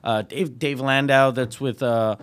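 A man co-hosting a podcast, chiming in with reactions and plugging the show with many pauses and fillers. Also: medium pitch, fairly even intonation, clear, resonant tone. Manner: chiming in with short reactions, halting during plugs. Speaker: podcast co-host. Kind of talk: casual chat and show promo.

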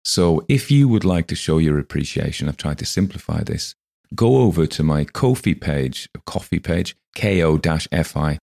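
A man's voice: extremely low pitch, expressive, normal speed, gravelly, mellow. A man hosting a podcast, talking through a story he read in a rambling, reflective way, with many fillers and restarts. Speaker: podcast host. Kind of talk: casual spoken commentary on a story.

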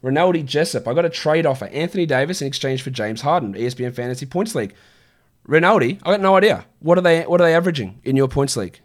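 Blunt, swearing fantasy basketball streamer. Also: male voice, a little high, animated, fast. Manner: blunt, swearing, exasperated rants. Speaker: fantasy basketball streamer answering viewer questions. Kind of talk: casual livestream Q&A.

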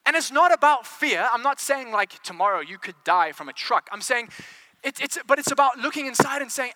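A man's voice: extremely high pitch, lively intonation, a little fast, sharp tone. A man preaching a sermon, firing rhetorical questions at the congregation and repeating words as he builds momentum.

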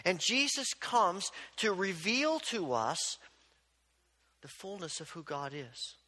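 High, bright-voiced preacher in a reverberant hall. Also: male voice, sing-song, takes it slowly. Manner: storytelling preacher who acts out quoted exchanges. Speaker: pastor. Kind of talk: sermon.

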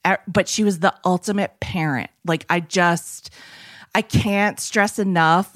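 A woman's voice: on the low side, fairly even intonation, measured pace, no room sound, clean studio sound. A woman co-hosting a podcast, telling a story in rambling, filler-heavy casual chat. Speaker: podcast co-host.

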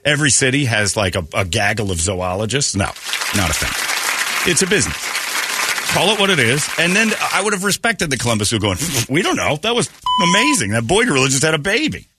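A man hosting a morning radio show, telling jokey stories with loud put-on impressions. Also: medium pitch, very animated, brisk, a loud crowd, heavy background noise. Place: radio studio.

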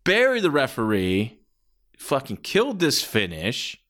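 Male reviewer, casual and profane, restarts a lot, pitch swings widely, mid-range voice. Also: huge pitch swings, measured pace, fairly bright tone. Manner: rambling, swears freely, many restarts. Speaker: wrestling reviewer. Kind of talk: casual spoken match review.

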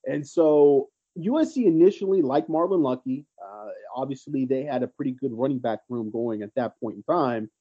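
A man's voice: mid-range voice, normal speed, hardly any pauses, husky, highs cut off. A man co-hosting a casual sports podcast, telling recruiting stories in a rambling, teasing way. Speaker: podcast co-host, recruiting analyst.

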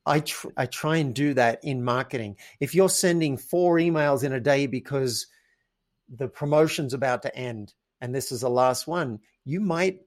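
A man's voice: medium pitch, moderate pace. A man, a podcast guest who tells stories animatedly and acts out his own quoted thoughts. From Australia. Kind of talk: casual interview chat.

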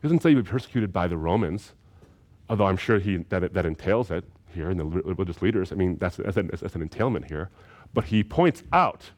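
A man delivers a recorded seminary lecture in a fairly low voice. He talks emphatically, and he often repeats a phrase to drive the point home. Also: lively intonation, a little fast, darkish tone.

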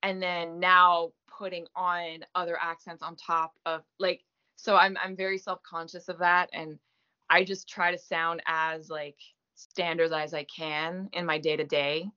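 Woman, native French speaker, from Quebec, self-deprecating, forceful tone, lo-fi sound. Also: lowish voice, level tone, unhurried, clean tone. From Gaspé, Quebec, Canada. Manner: chatty, self-deprecating, many fillers. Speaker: guest actress. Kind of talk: casual interview chat. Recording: muffled lo-fi audio.

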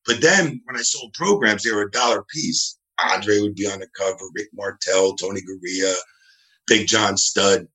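Low, forceful New man. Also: normal speed. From New Jersey, USA. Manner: rambling anecdotes, acts out quoted voices. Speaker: wrestling referee, guest. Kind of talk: casual interview storytelling. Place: his home.

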